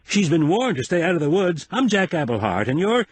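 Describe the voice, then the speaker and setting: A man's voice: on the high side, very animated, fairly quick, breathy edge, no echo, pitched above the performer's own voice. A man playing a smug, mocking rich man.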